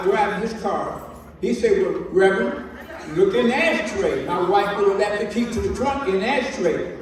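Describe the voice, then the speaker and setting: A man, a reverend, telling a personal story at a celebration and acting out the dialogue in a lively way. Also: sits high. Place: large hall. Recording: echoey hall from far off.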